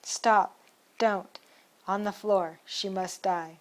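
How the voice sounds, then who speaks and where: Murderous zombie leader guy read by a woman, short barked orders, flat storybook voice. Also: medium pitch, takes it slowly, natural voice. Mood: menacing. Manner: curt shouted commands.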